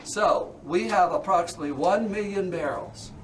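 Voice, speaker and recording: Chatty distillery tour guy, bit high voice, keeps asking okay? all right?, picked up from across the room with lots of noise. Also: normal speed. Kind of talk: guided tour talk to a group. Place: distillery warehouse and tasting room. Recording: distant and noisy tour recording.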